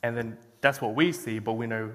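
A man's voice: medium pitch, brisk, a bit bright. A young man giving an informal sermon, chatty and self-deprecating, telling a story with lots of fillers and restarts. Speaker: guest preacher. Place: church hall. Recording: long hall reverb.

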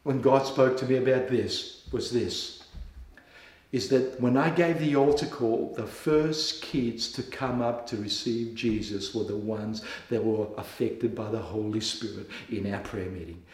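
A middle-aged Australian pastor telling a testimony in a sermon, animated and full of restarts and stammers. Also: male voice, mid-range voice, measured pace, echoey room. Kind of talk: sermon storytelling.

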